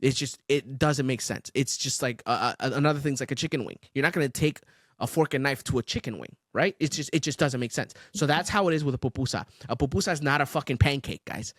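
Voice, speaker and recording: In studio-quality audio with no room sound, a man with a medium-pitched voice talks at a quick pace while co-hosting a podcast. He tells lively stories in casual chat, cursing freely and laughing a lot.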